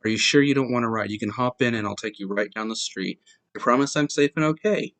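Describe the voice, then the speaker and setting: A man's voice: medium pitch, fast, fairly bright tone, lightly acted. A man reading the lines of a creepy male stalker who coaxes, then demands. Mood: coaxing.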